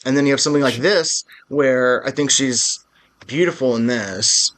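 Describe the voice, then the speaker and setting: A man's voice: medium pitch, normal speed, a bit bright. Rambling, enthusiastic man podcast co-host. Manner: enthusiastic, rambling, many self-restarts. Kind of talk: casual film-discussion chat.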